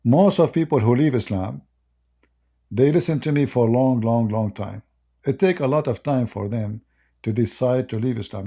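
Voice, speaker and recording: His voice is mid-range, creaky and warm with a breathy edge. An Arabic-speaking online commentator, he rambles in broken English through a casual monologue full of jokes and mockery.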